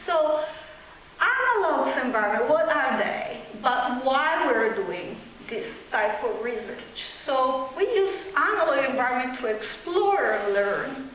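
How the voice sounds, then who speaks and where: A woman with a strong Italian accent giving an enthusiastic public science lecture, her English halting and a little jet-lagged. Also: high-pitched, sing-song, fairly bright tone, slight background noise. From Italy. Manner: enthusiastic, halting non-native phrasing. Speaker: guest lecturer, astrobiologist. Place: lecture hall. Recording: echoey hall from far off.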